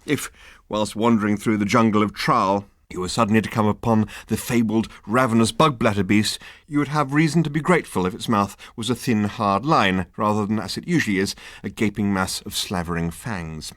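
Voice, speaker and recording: A man reading an audiobook aloud with wry, deadpan humor. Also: fairly low pitch, fairly quick, dry recording, clean studio sound. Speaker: audiobook narrator. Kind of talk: scripted narration.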